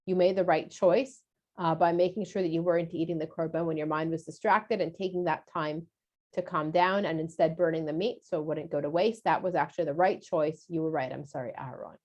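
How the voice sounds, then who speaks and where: A woman's voice: sits low, fairly even intonation, brisk, a little mellow, lo-fi sound, voice pushed down. A woman voicing a male religious leader in a retold story, speaking with insistent, pointed questions. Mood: apologetic. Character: male religious leader, stern then remorseful.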